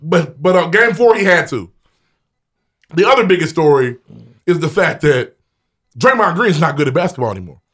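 A man co-hosting a podcast in casual chat, profane and animated, steering the topics. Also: a little high, moderate pace, long pauses. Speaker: podcast co-host. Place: hot indoor room, game on TV.

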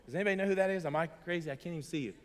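A man's voice: on the high side, very fast. Earnest preacher man in an echoey hall. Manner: earnest, emphatic, swings between soft and loud, chuckles as he tells stories. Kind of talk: sermon with personal storytelling. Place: large hall before an audience. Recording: long echoey hall reverb.

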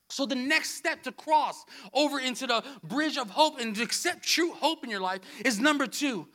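Male pastor, very high and bright tone, emphatic sermon delivery with repeated phrases. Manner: emphatic, repeats key phrases, swings between soft and loud.

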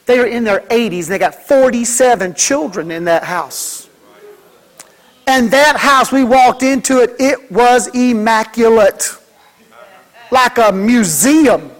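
A man's voice: very high-pitched, animated, a little slow. A man preaching a sermon as pastor, folksy and joking, mimicking kids and church members.

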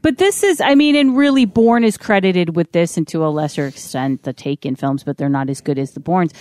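A woman's voice: on the low side, fairly quick, a little mellow, no echo, studio quality. A woman co-hosting a film review podcast, talking in a conversational, agreeable way. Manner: conversational, agreeable, plain-spoken. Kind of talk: casual film review chat.

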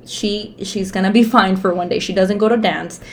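A woman's voice: mid-range voice, fairly even intonation, normal speed, slight background noise. A woman in her thirties co-hosting a podcast, talking frankly and emphatically, swearing freely and laughing easily. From Mexico heritage, raised in the United States. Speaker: podcast co-host. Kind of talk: casual podcast chat.

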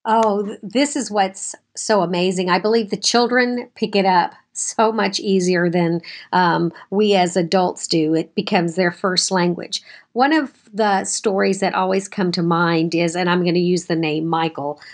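A woman's voice: on the low side, a little slow. Storytelling woman school administrator. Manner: animated storyteller. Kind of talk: storytelling in an interview.

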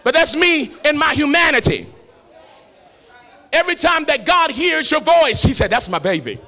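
High, bright-voiced preaching man. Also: very animated, normal speed. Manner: shifts between shouted preaching and quiet intimate talk. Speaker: pastor. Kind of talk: sermon.

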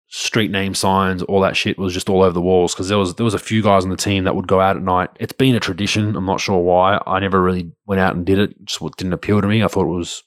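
A man's voice: deep voice, little pitch movement, fast, hardly any pauses, no echo, clean studio sound. A man with an Australian accent telling a story in a loose, conversational way, often restarting his sentences and swearing casually.

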